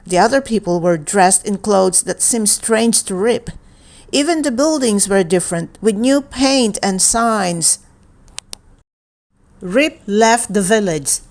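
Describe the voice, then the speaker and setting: Slow, calm woman reading a bedtime story. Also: medium pitch. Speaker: children's book reader. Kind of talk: bedtime story read-aloud.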